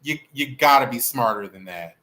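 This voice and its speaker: A man hosting a livestream, chatting in a sassy, animated, playful way about celebrity gossip. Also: mid-range voice, moderate pace. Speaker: livestream host. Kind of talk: casual celebrity gossip chat.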